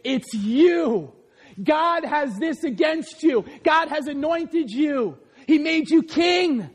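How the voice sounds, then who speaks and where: A stern prophet confronts a king, his words pressing and accusing, played by a man preaching. The voice sits very high for a man. It keeps a hard, reproachful edge. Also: lively intonation, slow, full character voice.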